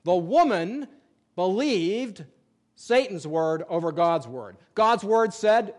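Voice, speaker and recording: A man preaches a sermon from a church pulpit, his voice sitting notably high for a man. He works through scripture verse by verse and reads passages aloud. Between readings he drives his points home with blunt, emphatic everyday examples. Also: lively intonation, slow pace. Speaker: pastor.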